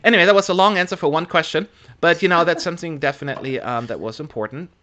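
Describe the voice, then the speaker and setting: A man's voice: on the high side, fast, bright, forceful tone, lo-fi sound, a little hiss or hum. A man co-hosting a live stream, chatting casually, joking and reading out viewer questions. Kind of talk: casual chat.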